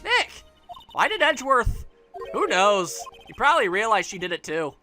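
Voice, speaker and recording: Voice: mid-range voice, sing-song, normal speed, pushed and bright, faint music behind. Ein Sprecher spielt eine eifrige junge Assistentin in einem Videospiel, die anfeuert. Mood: eager. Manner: eager, encouraging. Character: spirited young woman assistant.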